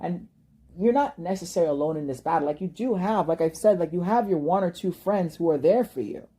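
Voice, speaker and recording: A young woman pours out an impassioned vlog monologue in a low, husky voice. Her tone is mellow and dark, and she curses and stumbles over repeated words as she rants. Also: fairly quick. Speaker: vlogger. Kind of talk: emotional personal monologue.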